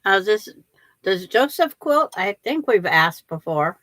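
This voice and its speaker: Slow, bright-voiced grandmother chatting. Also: medium pitch, sing-song, no room sound. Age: older. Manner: chatty, rambling, restarts sentences. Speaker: quilting livestream host. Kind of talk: casual livestream chat with viewers.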